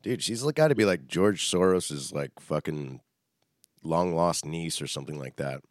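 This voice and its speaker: A man's voice: very deep voice, moderate pace, no room sound, studio quality. A young man casually chatting as a podcast co-host, rambling and swearing a lot. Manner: profane, rambling, animated. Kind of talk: casual chat.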